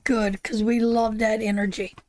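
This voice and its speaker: A woman's voice: a little high, level tone, moderate pace, a little mellow. A tearful woman hosting a live tarot stream, chatting affectionately with viewers and calling them darling and sister. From Canada.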